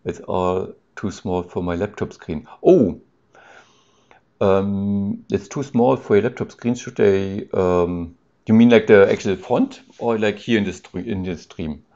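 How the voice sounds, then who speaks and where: Deep gravelly man thinking aloud. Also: steady tone, unhurried, dark tone. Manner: thinks aloud, hesitant, with many ums and restarts; reads out and answers chat questions with amusement. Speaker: streamer coding live. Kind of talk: casual live-coding stream commentary. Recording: dull lo-fi stream audio.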